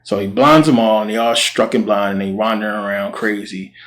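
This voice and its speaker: A man's voice: on the low side, fairly even intonation, brisk, fairly bright tone. A man hosting his channel, retelling a Bible story in a slangy, conversational way. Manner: slangy, conversational, acts out quotes. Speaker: channel host.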